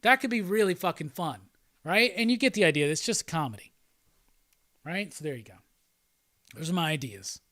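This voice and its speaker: Casual male streamer, loose and profane, a slightly high voice in a dry room. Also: lively intonation, brisk, pauses often, fairly bright tone, no echo. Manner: rambling and profane, with frequent laughs. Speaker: host. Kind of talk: casual livestream chat.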